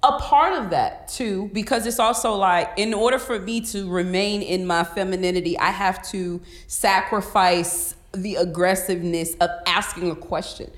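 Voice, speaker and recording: A woman in casual chat among friends, animated, acting out voices and laughing often. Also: medium pitch, moderate pace, few pauses, reverberant.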